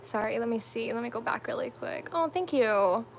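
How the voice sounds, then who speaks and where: Chatty young woman, fairly high voice. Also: lively intonation, normal speed, vocal fry. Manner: chatty, rambling, full of "like" and "um". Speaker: lifestyle livestream host. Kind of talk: casual chat while doing makeup. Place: at home.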